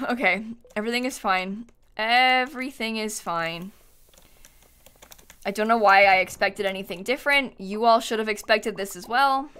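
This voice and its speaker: A woman giving excitable live gaming stream commentary, swinging between panicked shrieks and quiet muttering. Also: medium pitch, fairly quick, clear, resonant tone.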